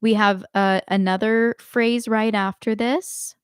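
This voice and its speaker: A woman teaching a live online singing lesson, explaining slowly and singing short examples. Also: mid-range voice, steady tone, smooth, no echo, studio quality.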